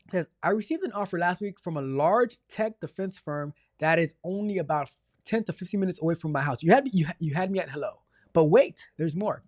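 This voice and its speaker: A man's voice: high voice, a little fast, dry recording, clean studio sound. A man hosting a live tech career advice show, reading out viewer questions and answering with jokey, exasperated outbursts and lots of repetition. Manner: animated and exasperated, repeating himself for emphasis; jokey, swings between mock outrage and apology.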